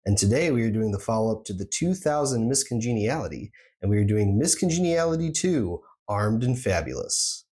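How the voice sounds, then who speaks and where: A man's voice: fairly low pitch, big pitch swings, a little fast, hardly any pauses, a little mellow. A young adult man hosting a podcast in a casual, chatty way, with lots of fillers. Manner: chatty, uses many fillers. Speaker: podcast host.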